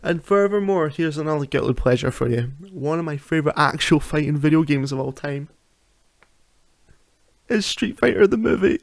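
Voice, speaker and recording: A man's voice: on the high side, expressive, normal speed, creaky, no echo. A man hosting a solo podcast from home, chatting casually, often laughing and restarting his sentences. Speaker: podcast host. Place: home at night.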